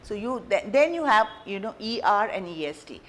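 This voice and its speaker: A woman's voice: medium pitch, sing-song, normal speed, fairly bright tone. A woman English teacher explaining grammar off the cuff, chatty, often repeating and rephrasing herself with many fillers. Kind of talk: unscripted classroom explanation.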